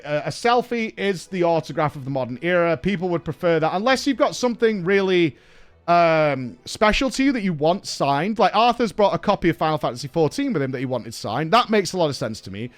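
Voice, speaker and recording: A man, a streamer telling a story in a casual, animated way, swearing and acting out what people said. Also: high voice, moderate pace. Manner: animated, swearing, acts out quotes.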